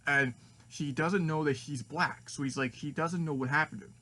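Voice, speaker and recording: A man's voice: fairly high pitch, normal speed, sharp tone. A man rambling through a fan story idea with many restarts and fillers. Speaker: fan video maker.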